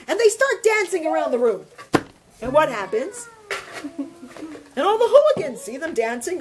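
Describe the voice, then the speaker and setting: A woman giving a storytelling religious lesson to a group, animated and asking questions. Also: very high-pitched, moderate pace. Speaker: religious teacher. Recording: noisy room recording.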